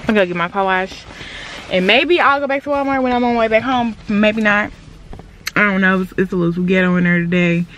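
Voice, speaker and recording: A woman's voice: medium pitch, fairly quick, fairly bright tone, highs cut off, slight background noise. A young woman vlogging on a handheld phone around her car and a store parking lot, chatting loosely in slang and poking fun at herself. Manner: loose, slangy, self-mocking. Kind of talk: casual vlog chat to camera.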